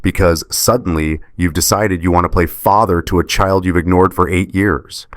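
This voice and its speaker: Guy reading a stern lady judge in a story, steady, measured, deep and dry. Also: dry recording, close to an everyday voice. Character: stern female family court judge. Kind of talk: scripted story narration.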